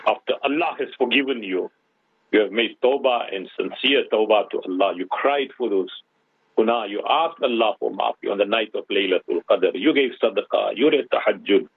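Brief: male radio host, husky and dry, phone-line sound, preachy rhetorical questions. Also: on the low side, normal speed, no room sound. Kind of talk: radio Islamic advice talk.

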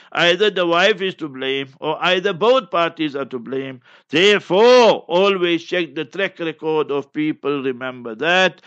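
A man's voice: fairly high pitch, pushed and bright, muffled recording. A male religious teacher giving a stern, emphatic sermon-style lesson, moving between English and chanted Arabic recitation. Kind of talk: instructive sermon.

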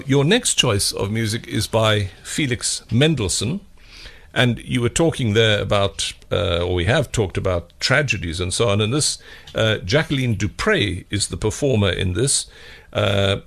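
Male radio presenter, gravelly, relaxed interviewer. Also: lowish voice. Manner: gravelly, unhurried, with frequent uhs.

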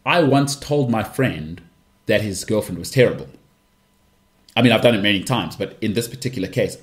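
A man hosting a casual solo podcast, talking in a chatty, rambling way and acting out imagined people. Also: lowish voice. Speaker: podcast host.

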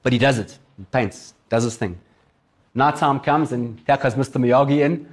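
A man preaching a sermon as a pastor, telling a story in a casual, animated way. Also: mid-range voice, moderate pace.

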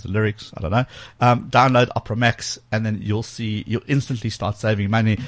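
A man's voice: fairly low pitch, no room sound. A man hosting a tech radio talk show in a studio, talking casually with plenty of fillers and restarts. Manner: chatty, loose, frequent fillers and restarts. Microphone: studio microphone.

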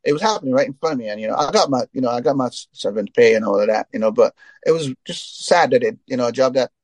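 A Trinidadian reggae singer, appearing as an interview guest, rambles through stories in a casual chat, laughing as he goes and saying "you know" a lot. His voice is a typical male pitch with a darkish tone, expressive and racing. The recording is close and dry, with no room sound.

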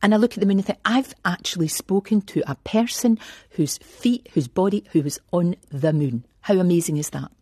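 A woman in her sixties with a Glaswegian accent chats as an interview guest, lively and self-deprecating. Her voice is slightly low and husky. The sound is close and dry. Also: normal speed, dry recording. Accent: Scottish, Glasgow. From Scotland. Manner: animated, chatty, self-deprecating. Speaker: guest, TV presenter. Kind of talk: radio interview chat.

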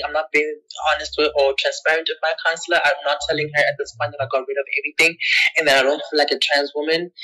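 A woman being interviewed, candidly telling a personal story with emotion and acting out past conversations in her own voice. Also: rough recording. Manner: emotional, acts out past conversations with lively pitch jumps; checks in with the listener often. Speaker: interview guest.

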